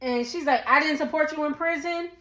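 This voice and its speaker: A woman, giving a sassy, animated casual recap and talking back to the people on screen. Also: high-pitched, brisk, roomy sound. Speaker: recap vlogger.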